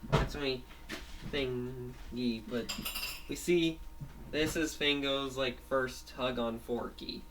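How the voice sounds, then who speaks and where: A man's voice: mid-range voice, fairly even intonation, takes it slowly, far from the mic, noisy background. A man retelling a made-up episode in a rambling way, full of restarts. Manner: rambling, many restarts and fillers. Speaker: storyteller.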